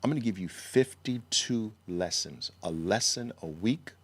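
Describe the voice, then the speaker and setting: A middle-aged man with a fairly low voice talks straight to his audience. He pitches trading lessons with emphasis and mocks naive shortcuts through pointed rhetorical questions. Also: lively intonation, measured pace, a bit bright, husky. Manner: mocking rhetorical questions, mimics naive traders. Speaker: trading educator. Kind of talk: emphatic sales pitch to camera.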